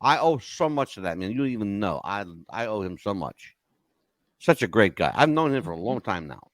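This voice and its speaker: An older man hosting a podcast, telling stories in a lively, emotional casual chat. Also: fairly low pitch, moderate pace, dry recording. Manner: animated storyteller, emotional swings. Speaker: podcast host.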